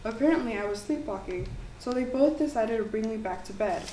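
A woman's voice: a little high, lively intonation, warm tone. Woman reading a ghost story, echoey. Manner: earnest, slightly halting reading with restarts. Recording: echoey room, mic far off, faint background noise.

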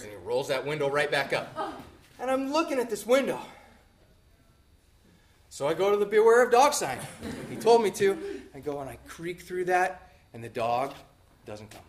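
A man in his fifties from Montana tells a personal story on stage, animated and swinging from bursts of energy to hushed low asides. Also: moderate pace, a little hiss or hum.

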